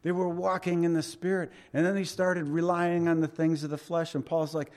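A middle-aged man preaching a sermon as a pastor, in a conversational way, building up for emphasis and then dropping to soft asides. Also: fairly high pitch, fairly quick, few pauses.

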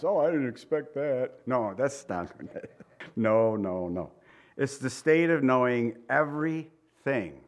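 A man preaching a Bible teaching in a loose, conversational way, chuckling and acting out the people he quotes. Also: medium pitch. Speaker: pastor. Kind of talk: sermon teaching.

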